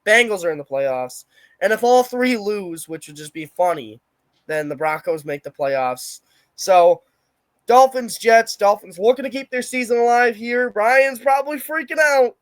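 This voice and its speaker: A man's voice: high-pitched, animated, unhurried, dry recording. A young man co-hosting a casual sports podcast, brash and opinionated, trash-talking teams with blunt certainty. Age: young adult. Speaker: podcast co-host.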